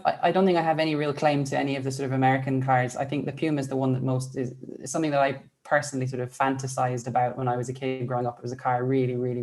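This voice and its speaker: A woman's voice: very deep voice, darkish tone. Enthusiastic woman on a video call. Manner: enthusiastic, rambling with restarts. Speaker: panel regular. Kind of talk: casual video-call chat.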